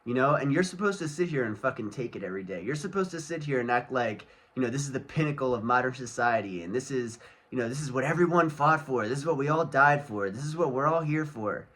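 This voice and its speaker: A man's voice: medium pitch, animated, quick pace, a bit bright. A man with a mid-range voice vents straight to the camera in a solo vlog rant. His talk is angry and laced with swearing. He rambles loosely from point to point, padding it with fillers. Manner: angry, profane ranting. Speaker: vlogger.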